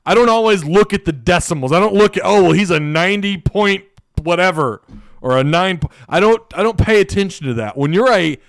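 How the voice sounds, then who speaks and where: A man's voice: high voice, lively intonation, a little fast, dry recording, clean studio sound. A man hosting a casual sports live stream, reading out viewer comments, joking and laughing as he talks. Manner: laughing, joking, thinking aloud.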